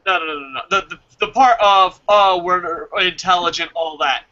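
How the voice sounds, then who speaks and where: High bright-voiced man ranting on a podcast. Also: a little fast. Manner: profane, ranting, animated. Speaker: podcast co-host. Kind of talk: casual wrestling chat. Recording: dull lo-fi audio.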